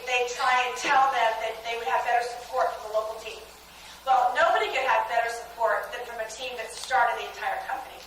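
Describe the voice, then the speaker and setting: A woman's voice: a little high, fairly bright tone, slight background noise. A woman giving a chatty, enthusiastic motivational talk at a sales training event, speaking to a live audience. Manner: chatty and enthusiastic, with frequent restarts. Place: large meeting room with a live audience. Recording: echoey room recorded from a distance.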